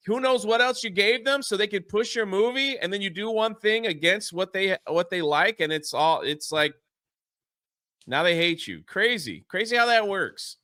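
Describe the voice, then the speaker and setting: Sarcastic American male co-host, bright and slightly high voice, dry close sound. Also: dry recording. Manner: sarcastic, indignant, laughs often. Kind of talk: casual commentary chat.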